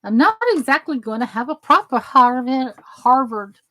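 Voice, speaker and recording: A woman's voice: high-pitched, normal speed, pushed and bright, low-quality recording. A woman with a Southern US accent, hosting a crafting channel, demonstrating a die-cutting machine and chatting with live viewers. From American South. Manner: chatty, rambling, reads chat aloud while working. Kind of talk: casual craft demo and live chat.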